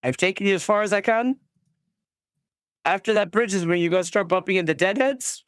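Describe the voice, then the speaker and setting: A man's voice: sits high, a little fast, a bit bright, clean tone, dry recording, studio quality, pitched above the performer's own voice. A man voicing a wary male local guide who refuses to go further, speaking firmly.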